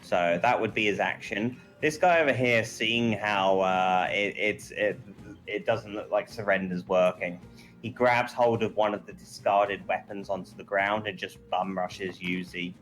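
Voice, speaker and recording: A man's voice: lowish voice, a little slow, fairly bright tone, soft background music, low-quality recording. A man narrating a tabletop game as game master, in a meandering way with many fillers.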